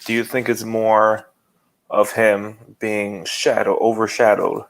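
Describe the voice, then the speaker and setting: A man co-hosting a casual podcast, with a somewhat low voice. He talks in halting bursts, restarting his sentences and teasing the others. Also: flat delivery, low-quality recording. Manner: halting, restarts often, playful. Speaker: podcast co-host.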